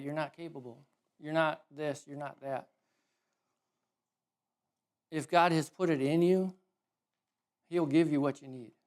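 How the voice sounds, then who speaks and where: Animated higher-voiced male preacher. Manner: casual, animated storytelling with self-corrections. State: emotional. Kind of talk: sermon.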